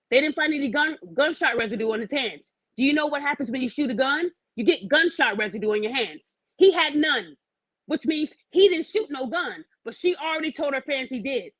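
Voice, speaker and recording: Woman podcast host, high voice, dry close sound, brash and profane, confrontational. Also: a bit bright, dry recording, rough recording. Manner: challenges the listener with pointed questions. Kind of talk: opinionated podcast rant.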